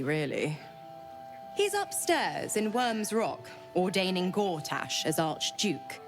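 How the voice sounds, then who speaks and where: A mischievous game character, slow, lilting, lowish voice. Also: female voice. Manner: arch, teasing, lilting. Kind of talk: video game voice acting.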